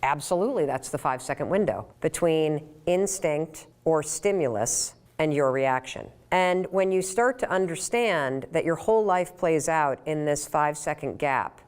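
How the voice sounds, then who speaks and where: A woman's voice: low-pitched, animated, moderate pace, few pauses, a little mellow. A middle-aged woman giving an emphatic, emotional motivational talk, speaking straight to her listeners.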